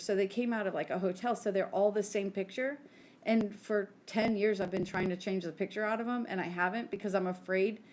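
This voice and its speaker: A woman's voice: mid-range voice, a little mellow, a little hiss or hum. A woman in her forties co-hosting a podcast, telling stories in a chatty way with lots of "like" and acted-out quotes. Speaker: podcast co-host. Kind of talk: casual chat.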